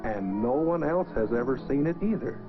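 A man narrating a children's story in a gentle, lilting voice, speaking to young listeners. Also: mid-range voice, lively intonation, moderate pace. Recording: dull lo-fi record with music.

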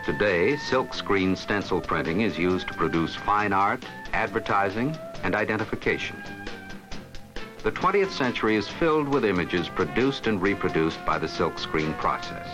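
A man giving scripted narration for an instructional film, explaining steps in a steady, instructive way. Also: low voice, moderate pace, over music, low-quality recording.

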